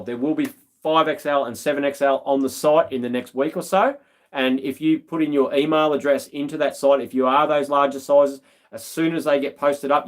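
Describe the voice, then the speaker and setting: An Australian man hosting a live stream, telling stories in a laid-back, slangy way with lots of ums. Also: medium pitch. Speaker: livestream host. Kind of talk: casual live-stream chat.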